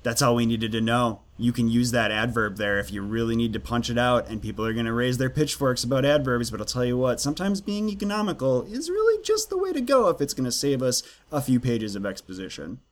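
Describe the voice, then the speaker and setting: A man co-hosting a casual chat about writing craft, animated and acting out quoted lines with jokey voices. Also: mid-range voice, a little fast, few pauses. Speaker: podcast co-host.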